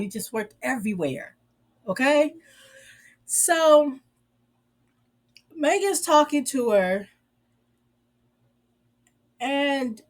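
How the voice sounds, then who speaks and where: A woman's voice: high-pitched, fairly bright tone. A woman giving a sassy, sarcastic recap of a show in a drawling, casual way. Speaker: reviewer.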